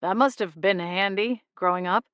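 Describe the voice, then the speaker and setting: A woman's voice: moderate pace, a bit bright, no echo, highs cut off, lightly acted. A woman reading the part of an easygoing young man who works as an investigator and dislikes rules. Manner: easygoing, gruff and low on the phone. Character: laid-back young man, a rule-dodging investigator.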